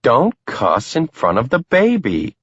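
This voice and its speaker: A man's voice: medium pitch, wildly swooping pitch, a little slow, fairly bright tone, slightly rough, no room sound, muffled recording, pitched above the performer's own voice, heavily acted. A man voicing a fussing, scolding middle-aged mother in an audiobook. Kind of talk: audiobook character voice.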